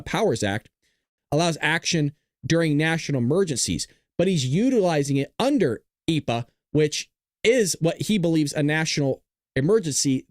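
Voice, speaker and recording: A man's voice: fairly high pitch, no room sound, studio quality. A man hosting a live political commentary stream, talking casually to his chat, jokey and profane. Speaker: livestream political commentary host.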